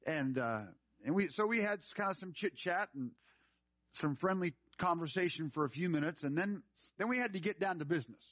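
A man's voice: high-pitched, animated, brisk, fairly bright tone, no echo. A man preaching a sermon in a church, telling a story and building to emphatic appeals. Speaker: pastor. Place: church room.

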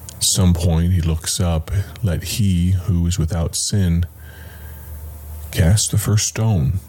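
A man's voice: low-pitched, mellow, slightly rough. A man hosting a radio Bible program, preaching in an earnest, conversational way and speaking directly to the listener. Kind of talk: radio sermon.

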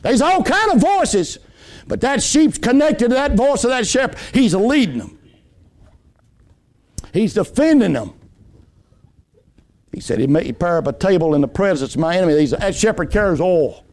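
A male preacher delivering an impassioned sermon, telling folksy homespun stories and swinging between loud high emphasis and low hushed lines. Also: sing-song, normal speed, pauses often. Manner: folksy storytelling with homespun anecdotes.

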